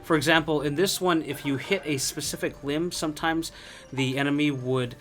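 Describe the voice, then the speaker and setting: A man's voice: a little high, fairly even intonation, moderate pace, fairly bright tone, soft background music. A man chatting casually while reviewing an old fighting game, rambling with lots of fillers and restarts.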